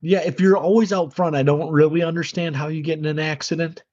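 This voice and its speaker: A man's voice: a little high, fairly even intonation, fast, a little mellow, no room sound. A man co-hosting a sports podcast in casual chat, blunt and opinionated, swearing freely. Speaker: podcast co-host. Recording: slightly muffled lo-fi recording.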